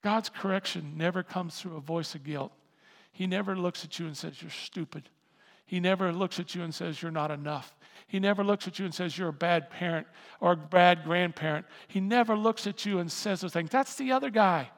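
Man, pastor preaching a sermon, high gravelly voice, animated delivery that climbs to loud emphasis, long hall reverb. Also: a little fast.

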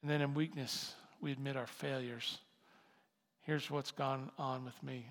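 A man preaching a sermon as pastor, impassioned and building to loud emphatic peaks. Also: mid-range voice, level tone, a little slow. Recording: long hall reverb.

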